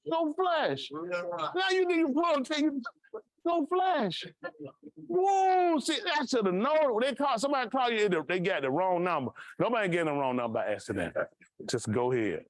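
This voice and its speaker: Animated man telling stories in a sermon. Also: very high-pitched, moderate pace, no room sound. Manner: animated, acts out voices in his stories. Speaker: pastor. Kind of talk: casual storytelling sermon.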